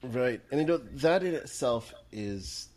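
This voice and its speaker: A man's voice: mid-range voice, animated, measured pace, darkish tone. A man hosting a podcast interview, agreeing with his guest and expanding on her points. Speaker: podcast host.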